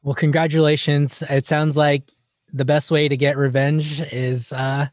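A man's voice: on the high side, little pitch movement, measured pace, no echo, studio quality. A man interviewing a guest, wry and congratulatory. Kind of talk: casual interview chat.

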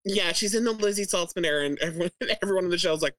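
Enthusiastic woman co-host, lowish voice, dry recording, lots of laughter. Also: racing, a bit bright, no echo. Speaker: podcast co-host. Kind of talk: casual chat about a TV show.

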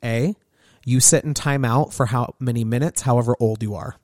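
A man's voice: mid-range voice, moderate pace, no echo, clean studio sound. A man who works as a hairstylist, telling stories in a casual podcast chat. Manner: storytelling, lively and chatty.

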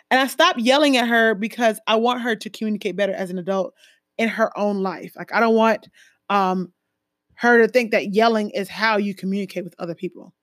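A woman from a Jamaican family talking casually about her life, full of fillers and lively emphasis. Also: fairly high pitch, no room sound, studio quality. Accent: American with Jamaican-family roots. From Caribbean, Jamaican family. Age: adult, a mother. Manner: conversational, lots of fillers, animated emphasis. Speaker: speaker sharing personal stories. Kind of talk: casual personal talk.

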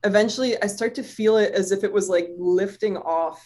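A woman telling a personal story in casual chat, animated and swearing freely, with lots of "like" fillers. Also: mid-range voice, a little fast.

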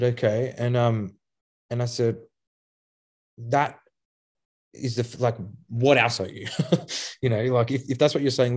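A man in a casual interview, telling stories in an animated way, swearing, laughing often and acting out the voices of people he quotes. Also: lowish voice. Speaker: guest, youth program founder.

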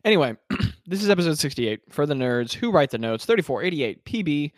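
Lively, chatty game master. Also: medium pitch, brisk, dry recording, studio quality. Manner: chatty, self-deprecating, laughs easily. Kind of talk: casual tabletop game hosting.

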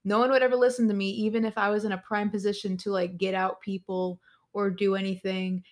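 Animated, swearing young woman storyteller. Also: medium pitch, fairly quick. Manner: animated, laughing, swears a lot. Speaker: podcast guest. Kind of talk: casual storytelling.

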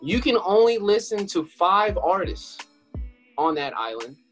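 A young man with a slightly high voice hosts a casual podcast segment. He talks in a relaxed, conversational way. Faint music sits behind him. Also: a little slow. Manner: laid-back, laughing, introduces segments. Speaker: podcast co-host. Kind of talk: casual chat.

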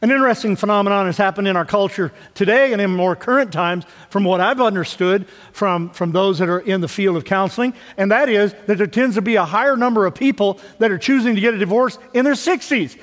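A man in his fifties, a pastor preaching a sermon in a conversational way, dropping to low asides and rising for emphasis. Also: brisk, few pauses, fairly bright tone. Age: 50s. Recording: long hall reverb.

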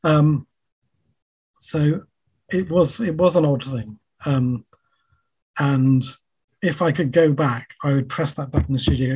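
Writer guest, male, slightly raised husky voice, hesitant and self-effacing. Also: a little high, a little mellow. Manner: halting, frequent fillers and restarts; self-deprecating. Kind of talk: casual interview talk.

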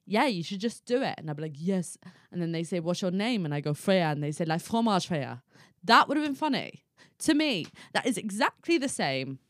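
A woman's voice: lowish voice, no room sound, studio quality. A woman co-hosting a podcast, telling stories in a playful, laughing casual chat. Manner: playful, storytelling, laughs a lot. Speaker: podcast co-host.

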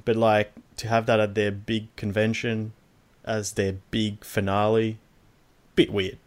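Laid-back young man, lowish voice. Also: monotone. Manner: laid-back, swears freely, slows down to read out list items. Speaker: podcast host. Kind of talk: casual gaming podcast chat.

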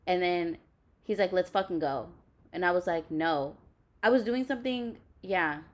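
A woman's voice: lowish voice, normal speed. A young woman telling a personal story bluntly, with lots of swearing and fillers. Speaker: podcast host. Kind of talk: candid storytelling chat.

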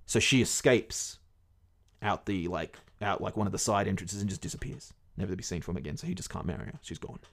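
A man's voice: sits low, animated, brisk, vocal fry, a bit bright. A man casually retelling a fairy tale to his podcast co-host, rambling and swearing along the way. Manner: rambling, swears often, many fillers.

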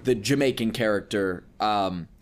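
A man's voice: lowish voice, measured pace. A man co-hosting a casual podcast discussion, earnest and rambling, often restarting his sentences. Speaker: podcast co-host, voice actor.

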